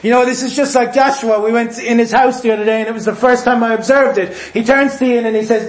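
A man preaching a sermon, forceful and repetitive, sometimes mimicking voices. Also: very high voice, steady tone, quick pace, hardly any pauses. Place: church hall. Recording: echoey room.

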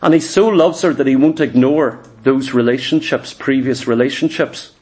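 A man preaching a sermon in an animated, emphatic way, often firing questions at his listeners. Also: mid-range voice, normal speed.

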